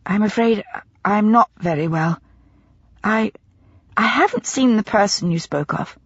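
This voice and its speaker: A woman voicing a fragile, frightened genteel lady who speaks slowly, haltingly and softly. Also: medium pitch, breathy edge, dry recording, muffled recording. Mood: shaken. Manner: slow, faltering and hushed. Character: frightened genteel young widow, fragile, masking fear.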